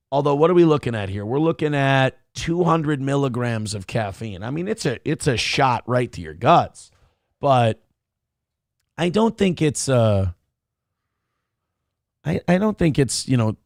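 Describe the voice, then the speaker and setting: A man's voice: on the high side, gravelly, dry recording, clean studio sound. A man from Minnesota hosting an internet morning show, reading viewer donations aloud and riffing on the news in a crude, blunt, sarcastic way. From Minnesota, USA.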